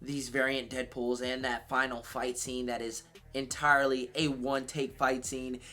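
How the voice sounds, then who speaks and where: Excitable man reviewing a movie, bright voice. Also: mid-range voice, normal speed. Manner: excitable, swears casually.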